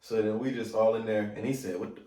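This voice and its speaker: A man's voice: on the low side, flat delivery, fairly quick, mellow, a little hiss or hum. A young man, an old army buddy, recalling basic training in casual chat, laughing and acting out quotes in slang. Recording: echoey room, mic at a distance.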